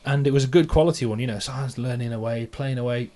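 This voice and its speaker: A man's voice: mid-range voice, fast, mellow. Chatty self-mocking man on a podcast. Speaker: musician and podcast host. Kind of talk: casual podcast chat.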